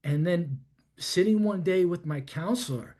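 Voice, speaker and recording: A man's voice: sits high, measured pace, warm tone. A man in his fifties from New York, telling his life story to a podcast host in a rambling, reflective way, with plenty of "you know" and "I'm like.". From New York, USA. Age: 50s. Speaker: podcast guest. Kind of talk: candid personal storytelling in conversation.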